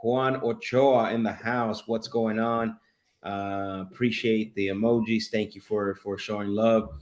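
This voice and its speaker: A man hosting a live streamed show, chatting casually and energetically, calling out shout-outs with lots of fillers. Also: lowish voice, level tone, measured pace.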